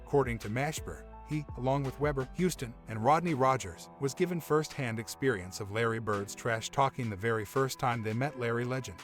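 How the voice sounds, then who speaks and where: A man giving steady, informative scripted narration about sports history. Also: medium pitch, brisk, few pauses, soft background music.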